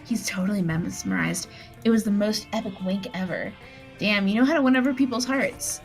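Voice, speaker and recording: A woman's voice: medium pitch, a little fast, creaky, faint music behind. A tipsy woman reading game text aloud in a giggly, playful way during a casual let's play.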